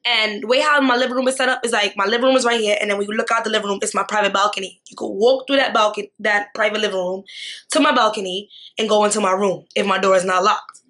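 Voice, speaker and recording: A young woman vlogger telling a storytime, animated and slangy. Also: medium pitch. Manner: animated, slangy, repeats tag questions. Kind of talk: storytime vlog.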